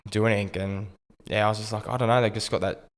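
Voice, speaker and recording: An Australian man in his thirties, a retired rugby league player, telling his story in a relaxed, understated way with frequent ums. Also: fairly low pitch, quick pace, in a large hall. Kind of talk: casual interview storytelling.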